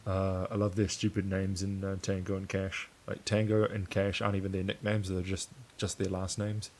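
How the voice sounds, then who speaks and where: A man with a low voice co-hosts a podcast, rambling loosely and laughing often as he talks. A faint hiss sits under the recording. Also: completely flat delivery, moderate pace, darkish tone. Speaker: podcast co-host. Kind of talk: casual chat.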